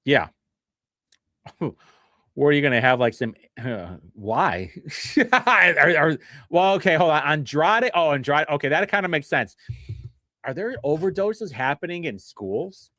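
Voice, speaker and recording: Man, slightly high voice, dry close sound, sarcastic livestream commentator, reads bills aloud and mocks them. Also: big pitch swings, a little slow, pauses often, pushed and bright, no echo. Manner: sarcastic and mocking, reads bill text aloud; chuckles often, with big pitch swings. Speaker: livestream host reviewing state bills.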